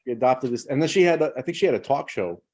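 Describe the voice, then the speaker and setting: A man's voice: medium pitch, lively intonation, racing, a little mellow. Laid-back man in podcast chat. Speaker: podcast co-host. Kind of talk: casual chat.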